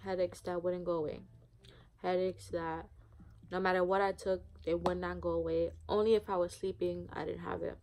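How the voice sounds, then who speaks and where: Candid young woman rambling flatly. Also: on the low side, moderate pace, creaky, a little hiss or hum. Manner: rambling, heavy use of "like", candid. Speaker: vlogger. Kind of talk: casual storytime monologue.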